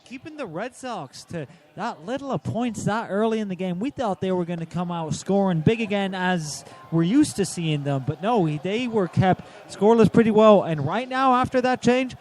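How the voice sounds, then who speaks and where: A man's voice: high voice, animated, normal speed, hardly any pauses, darkish tone. A man co-hosting a live sports radio show, giving analytical play-by-play and building emphasis on key moments. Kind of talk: live game commentary.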